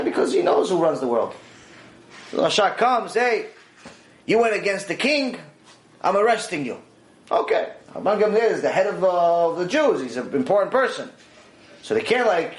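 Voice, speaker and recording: A man teaching a religious class, telling a story with lively delivery and acting out its dialogue. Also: high-pitched. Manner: animated, acts out dialogue in quoted voices. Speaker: Torah teacher. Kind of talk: storytelling lecture. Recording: roomy echo.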